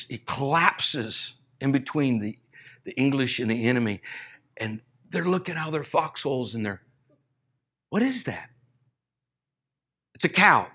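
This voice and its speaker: Middle-aged pastor guy telling a story in a sermon, acts out the lines, gets loud and intense at the big moments. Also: mid-range voice, breathy edge. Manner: animated retelling, acting out lines, rising to loud emphatic peaks.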